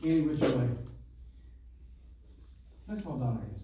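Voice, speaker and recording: Booming, dramatic preacher man in echoey church. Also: lively intonation, moderate pace, a little hiss or hum. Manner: dramatic, swings from quiet to booming, folksy grammar. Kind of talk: sermon. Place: church sanctuary. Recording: echoey room from a distant mic.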